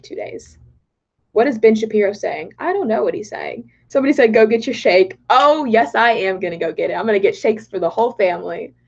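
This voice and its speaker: A young woman from Dallas with a Texan accent, chatting excitably on a livestream and reading viewer comments aloud. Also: mid-range voice, gravelly. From Texas, Dallas. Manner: bubbly and excitable, reads chat aloud. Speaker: political vlogger. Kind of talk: casual livestream chat. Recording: dull lo-fi livestream audio.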